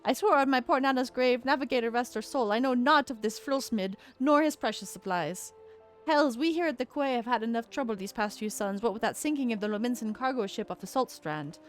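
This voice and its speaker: A woman voicing a gruff, impatient male dock foreman who talks in salty, blunt sailor phrasing. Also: a little high, a little fast, soft background music, pitched above the performer's own voice, natural voice. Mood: brusque.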